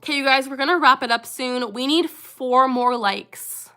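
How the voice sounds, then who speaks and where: Young woman, livestream host, bright voice, casual chat, earnest, vocal tics. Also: high voice, normal speed.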